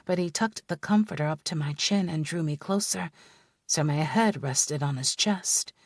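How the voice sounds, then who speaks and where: A woman narrating a romance audiobook in the first person, in a measured storytelling manner. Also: sits low, no room sound, studio quality.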